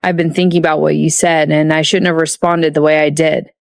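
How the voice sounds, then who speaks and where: Woman reading as an icy billionaire husband, lowered and slow, dry close sound. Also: level tone, gravelly, no room sound. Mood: cold. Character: cold, icy rich husband.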